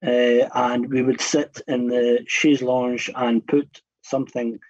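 A husky man in his fifties, guesting on a radio show, drifts through long anecdotes and often circles back to restart his sentences. His slightly breathy voice sits at an everyday middle pitch, slow and a little mellow with little pitch movement. The recording sounds somewhat dull and muffled.

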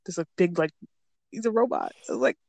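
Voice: medium pitch, huge pitch swings, quick pace, vocal fry, a little mellow, no echo. A co-host in a casual TV recap podcast, playful, joking and acting out characters' lines. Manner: playful, jokes and acts out lines.

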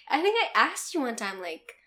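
A woman's voice: a little high, sing-song, unhurried, pushed and bright. A young woman guest in a casual podcast chat, talking in a giggly, chatty way with lots of "like". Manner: giggly, chatty, uses "like" often. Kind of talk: casual conversation.

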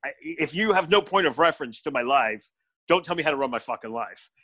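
A man's voice: fairly high pitch, expressive, a little fast, pushed and bright, breathy edge. An older man, a comedian on a podcast, telling stories bluntly with lots of swearing and emphasis. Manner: blunt, profane, emphatic storytelling. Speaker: stand-up comedian, podcast guest. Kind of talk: casual podcast chat.

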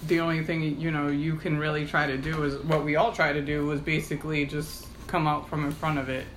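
A woman's voice: sits low, little pitch movement, fairly quick, slight background noise. Woman cohost on a podcast, rambly, lots of "like" and "i mean". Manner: rambling, filler-heavy storytelling. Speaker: podcast co-host. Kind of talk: casual podcast discussion.

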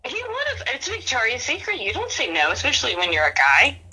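A woman's voice: on the high side, wildly swooping pitch, fast, bright, forceful tone, a little hiss or hum, low-quality recording. A woman from the American South with a Southern accent, chatting on a podcast as a guest in a rambling, giggly, teasing way. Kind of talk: casual chat.

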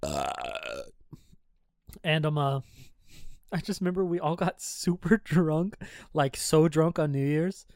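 Young man, casual profane chat, somewhat high voice, dry close sound. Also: very animated, slow, vocal fry, long pauses, darkish tone, no echo. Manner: profane, storytelling, laughs often.

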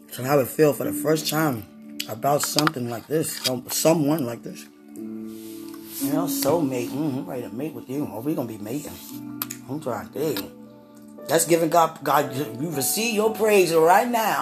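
Effusive woman murmuring to her husband. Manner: effusive, sighing "oh God" often, laughing, swinging from high excitement to low murmurs. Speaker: wife talking to her husband. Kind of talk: intimate casual talk to a partner.

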